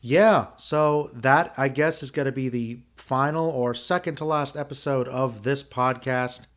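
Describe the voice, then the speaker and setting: A man's voice: mid-range voice, a little slow, a bit bright. A man in his thirties hosting a podcast, giving a casual, reflective spoken review with many fillers and restarts. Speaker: podcast host.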